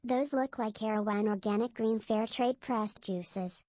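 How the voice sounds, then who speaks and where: A woman making wry, quick interjections in casual chat. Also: mid-range voice, a little mellow, no echo. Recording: noisy background hiss.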